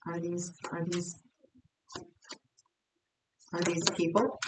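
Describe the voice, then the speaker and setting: A woman's voice: on the low side, completely flat delivery, slow pace. Rambling woman reading tarot, roomy and distant. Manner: rambling, self-interrupting, thinking aloud. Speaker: tarot reader. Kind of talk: casual tarot reading to camera. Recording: roomy, off-mic with faint noise.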